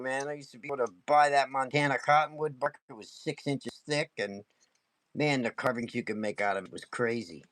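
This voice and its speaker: A man teaching wood carving on a casual live stream, talking fast and excitably and laughing often. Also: medium pitch, no room sound.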